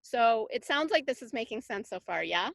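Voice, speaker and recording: A woman's voice: fairly high pitch, expressive, normal speed, creaky, a bit bright, dry recording. A middle-aged woman, a parenting coach, talking casually in an interview, rambling with many fillers and restarts. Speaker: parenting coach, summit guest.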